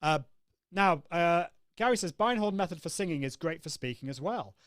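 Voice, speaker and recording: A man's voice: fairly high pitch, animated, normal speed, a bit bright, dry recording, clean studio sound. A man hosting a live online coaching session, upbeat and demonstrative, acting out vocal exercises as he explains them. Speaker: host.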